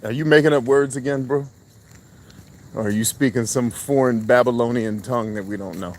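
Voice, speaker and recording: A man's voice: medium pitch, brisk, a little hiss or hum. A man hosting a live stream, chatting casually with viewers in a blunt, joking way, swearing freely and laughing often. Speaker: podcast host doing a live stream.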